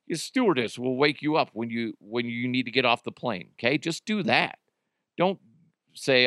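A male podcast host in a loose, crude comedic monologue, swearing and laughing at his own jokes. His voice sits at a middling pitch and sounds dry and close to the mic. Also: big pitch swings, moderate pace, fairly bright tone, no echo. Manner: crude, joking, profane.

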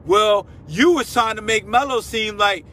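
A male sports-show host ranting in a heated, slangy voice. His voice sits high and sounds bright and forceful. He cuts in and shouts over others. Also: unhurried, a little hiss or hum. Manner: fiery, slangy, shouting interruptions. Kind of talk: heated sports talk rant.

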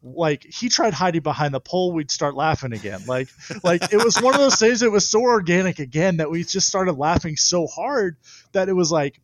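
Podcast guest, male, animated storyteller, dry close mic. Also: on the high side, moderate pace, dry recording. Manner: animated storyteller, laughs often. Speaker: guest pitcher. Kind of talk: casual podcast chat.

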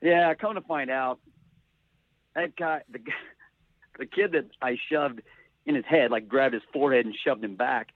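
A man of middle pitch tells a story, stumbling over his words and starting again. His voice comes through dry and thin, like a call. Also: no room sound, narrow, tinny audio. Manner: halting, restarts often, laughs between lines. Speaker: former sports mascot performer. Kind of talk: storytelling in a panel chat.

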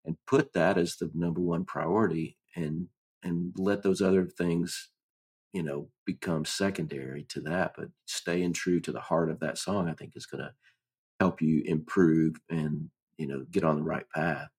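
Deep husky-voiced man, calm and earnest. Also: moderate pace. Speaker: podcast co-host. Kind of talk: casual reflective advice.

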